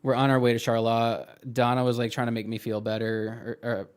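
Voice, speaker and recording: A young man guest on a podcast, recalling his past in a reflective, halting way with many fillers. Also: medium pitch, completely flat delivery, smooth. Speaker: interview guest. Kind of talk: casual podcast interview.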